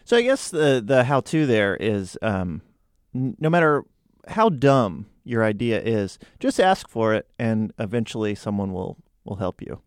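A man's voice: lowish voice, expressive, unhurried, no echo, clean studio sound. A man co-hosting a comic podcast, wry and playful. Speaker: podcast co-host.

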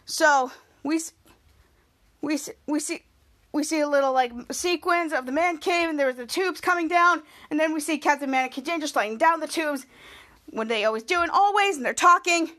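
High-voiced woman recapping a TV episode. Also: bright, forceful tone. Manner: halting, repeats words and restarts while narrating scenes. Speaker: podcast host.

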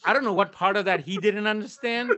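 A man co-hosting a podcast, telling a story in casual chat, profane and animated, acting out what people said. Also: sits high, fairly quick, muffled recording. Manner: profane, animated, acts out quotes. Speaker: podcast co-host.

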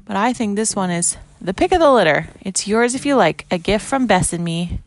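A woman voicing a kindly older farmer in a storybook reading, speaking in a measured way. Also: medium pitch, lively intonation, natural voice.

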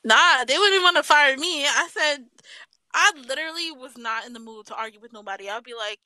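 A woman's voice: high-pitched, brisk, pushed and bright, dry recording, rough recording. A woman co-hosting a casual podcast chat, trading brash, profane banter with frequent laughter. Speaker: podcast co-host.

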